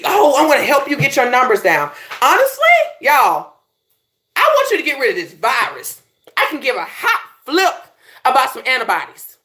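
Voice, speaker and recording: A woman life coach with a Belizean accent, giving an animated motivational talk straight to her viewers. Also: a little high. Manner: animated, preachy, direct address with "y'all".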